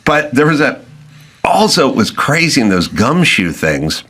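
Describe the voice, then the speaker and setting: Brief: co-host, male, rambling and animated, bright voice. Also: mid-range voice, measured pace, husky. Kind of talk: casual podcast chat.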